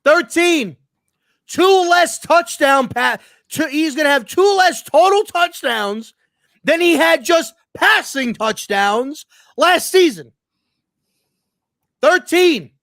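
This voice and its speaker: A man's voice: extremely high pitch, expressive, takes it slowly, vocal fry, fairly bright tone, dry recording. A sports show host ranting at his live chat, angry and frustrated, emphatic and profane, repeating his points. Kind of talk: heated sports rant.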